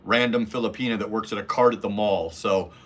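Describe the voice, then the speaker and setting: A man's voice: fairly low pitch, fairly even intonation, fairly quick, fairly bright tone. Blunt, foul-mouthed man on a livestream. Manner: blunt, profane, mimics voices in anecdotes. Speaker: livestream host reading chat. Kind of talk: casual livestream chat.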